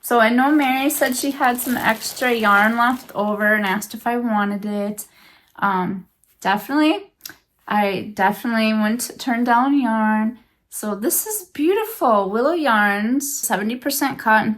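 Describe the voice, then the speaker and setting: A woman crochet vlogger talks slowly to her camera, her voice sitting a little high. She gushes with emotion, repeating her thanks and praise over and over in a soft, casual way. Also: expressive. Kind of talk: unboxing vlog, casual chat to camera.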